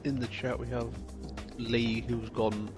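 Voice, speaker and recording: A man's voice: mid-range voice, little pitch movement, unhurried, music in the background. A man co-commentating a racing stream in casual chat, with dry, easygoing banter.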